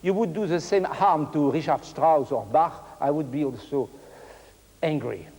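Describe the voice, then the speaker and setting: A man's voice: on the high side, a little slow, a little mellow, slightly rough. An older man whose first language is French, coaching a masterclass in broken English, singing phrases aloud and mixing in French words. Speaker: cello teacher. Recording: hall with music playing.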